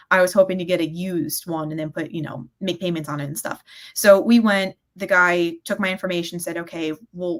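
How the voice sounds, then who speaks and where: A woman chatting casually as a guest, telling a personal story and acting out the quotes with growing excitement. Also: fairly low pitch. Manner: animated, acts out quotes with rising excitement.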